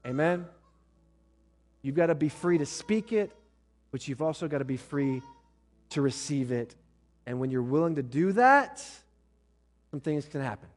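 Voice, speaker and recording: A man's voice: a little high, expressive, measured pace, pauses often. A male pastor preaching to his congregation, blunt and joking, and acting out what spouses say to each other. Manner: blunt, joking asides, acts out spouses' lines. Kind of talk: sermon.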